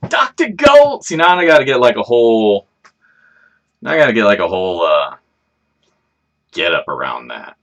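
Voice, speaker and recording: A man's voice: lowish voice, expressive, normal speed, long pauses, fairly bright tone. A man hosting a casual livestream, chatting in a rambling, laid-back way and swearing freely. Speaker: livestream host.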